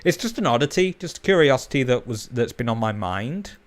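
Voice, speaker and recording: A young Englishman with a Bolton accent chats casually to his viewers. He rambles quickly, dropping ums and the odd swear word. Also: medium pitch, sing-song. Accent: Bolton, northern English. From England. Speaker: YouTuber. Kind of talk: casual chat to camera.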